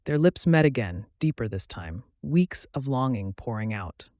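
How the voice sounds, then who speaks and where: A man narrating a romance audiobook in a soft, intimate, unhurried way on a close studio mic. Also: mid-range voice, sing-song, dry recording.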